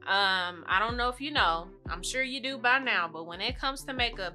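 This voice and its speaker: Bright-voiced chatty woman vlogger. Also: medium pitch, soft background music. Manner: chatty, talks fast, laughs often. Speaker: beauty vlogger. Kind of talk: casual makeup tutorial.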